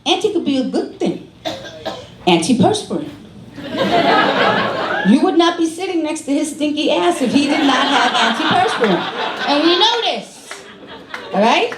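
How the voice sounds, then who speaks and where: A woman's voice: high-pitched, normal speed, pauses often, heavy background noise. A woman in her fifties from Brooklyn with a New York accent, doing a brassy, sassy stand-up set in a comedy club. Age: 50s. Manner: brassy, animated, sassy street-talk delivery. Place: comedy club stage with a live audience. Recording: echoey club room with crowd laughter.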